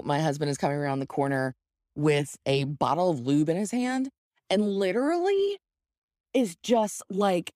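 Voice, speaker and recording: A woman hosting her own podcast, telling a candid, self-deprecating story in a casual, animated way. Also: deep voice, no echo, clean studio sound. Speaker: podcast host.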